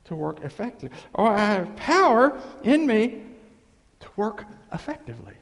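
A male pastor preaching an animated sermon, swinging between loud exclamations and low murmurs, in a reverberant church hall. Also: normal speed, gravelly.

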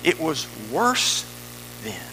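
A man preaching a sermon in an animated, emphatic way, with conversational asides to his congregation. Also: fairly high pitch, drawn-out words, background noise.

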